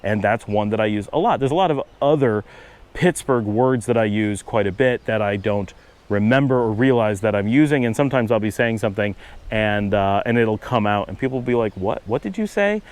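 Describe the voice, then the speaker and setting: A man's voice: on the low side, a little fast, darkish tone, clean tone. An American man with a Northern US accent talks outdoors into a handheld camera, explaining things thoughtfully with frequent restarts. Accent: Northern US, Cleveland-Buffalo area. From United States. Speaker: vlogger. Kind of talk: casual explanatory monologue.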